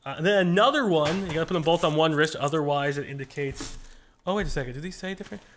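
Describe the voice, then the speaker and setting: Excitable man unboxing fan mail. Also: on the high side, fast talker, a little hiss or hum. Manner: excitable, rambling, jokey. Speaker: channel host. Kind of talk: casual unboxing chat.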